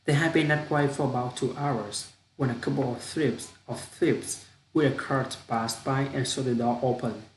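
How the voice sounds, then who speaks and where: A man reading a story aloud haltingly, restarting phrases with fillers, in an echoey room. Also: mid-range voice, fairly even intonation. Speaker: reader practicing storytelling. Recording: echoey room with faint hiss.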